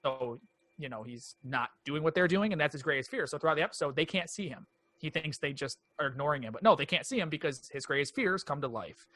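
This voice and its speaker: A man co-hosting a movie podcast, retelling a TV episode in casual, animated chat. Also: fairly high pitch, fast talker. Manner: animated storytelling, acting out quoted lines. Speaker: podcast co-host.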